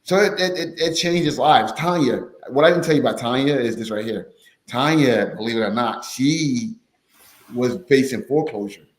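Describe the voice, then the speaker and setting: A man telling stories in a rambling, animated way, often repeating his words, as a guest on a money podcast. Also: mid-range voice, normal speed. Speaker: podcast guest, finance course teacher. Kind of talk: casual storytelling chat. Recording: roomy echo.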